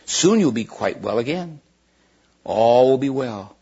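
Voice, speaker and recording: A man reading a storybook aloud, voicing a proud female witch who coaxes and tempts in a husky voice. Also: medium pitch, animated, a little slow, mellow. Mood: persuasive. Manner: coaxing, wheedling persuasion. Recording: dull lo-fi recording.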